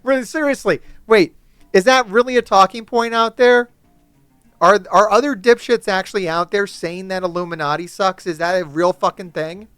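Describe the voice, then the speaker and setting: A man giving casual gameplay commentary to his chat, swearing often and ranting excitedly about characters. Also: high voice, moderate pace, clean tone, no echo, faint music behind. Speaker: gaming YouTuber.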